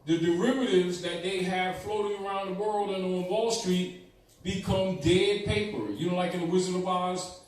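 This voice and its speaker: A man's voice: sits high, steady tone, moderate pace. A man giving a teaching lecture, emphatic and repetitive, often checking in with his listeners. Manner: emphatic, repeats points, asks "right?". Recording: echoey room from far off, faint noise.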